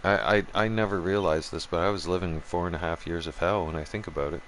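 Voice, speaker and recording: A man's voice: sits low, fairly even intonation, quick pace, a little hiss or hum. A man hosting a gaming channel, ranting profanely in casual chat and talking straight to his viewers. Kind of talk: casual rant while streaming a game.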